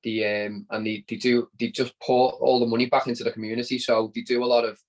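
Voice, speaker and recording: A Scouse man chats as a podcast guest, telling a long story in a loose, conversational way. He often stumbles and repeats words as he goes. His voice sits at a medium pitch. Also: flat delivery, quick pace, low-quality recording. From Liverpool, England. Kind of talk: casual storytelling interview.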